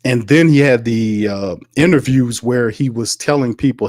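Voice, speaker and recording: A man hosting a casual sports talk livestream, animated and slangy, calling his viewers fam and rambling loosely between points. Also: mid-range voice, normal speed, few pauses, dry recording, studio quality. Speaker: sports talk show host.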